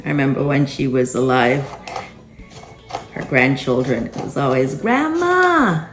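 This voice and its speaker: A woman's voice: extremely low pitch, flat delivery, normal speed. A woman hosting a cooking vlog, chatting and reflecting to herself as she chops in her home kitchen. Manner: chatty and reflective, talks to herself while chopping. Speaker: vlog host. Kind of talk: casual cooking chat. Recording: echoey room with background music. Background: background music.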